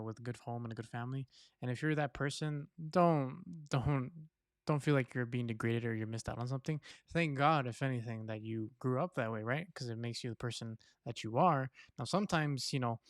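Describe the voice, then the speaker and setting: A man's voice: medium pitch, no room sound, studio quality. A man on a podcast speaking reassuringly and directly to the audience. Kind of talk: casual podcast conversation.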